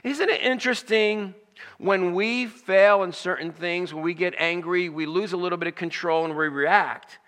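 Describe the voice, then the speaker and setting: A man's voice: sits high, normal speed, fairly bright tone, long reverb tail. A man preaching a sermon, reading scripture and acting out its lines with rising emphasis. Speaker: pastor.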